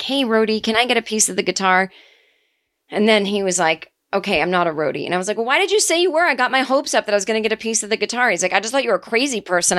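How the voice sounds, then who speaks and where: A middle-aged woman hosting a comedy podcast, telling an absurd story in a casual, deadpan way with quick asides. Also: mid-range voice, no echo, studio quality.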